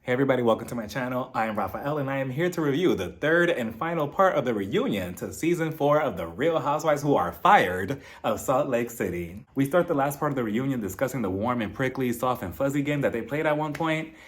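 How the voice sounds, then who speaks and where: A man's voice: medium pitch, expressive, brisk, hardly any pauses. A young man hosting his own channel, giving a casual, gossipy recap of a reality show reunion and mimicking cast members' voices as he retells scenes. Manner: chatty and gossipy, laughs while retelling, does mocking voices of cast members. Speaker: reality TV reviewer, channel host.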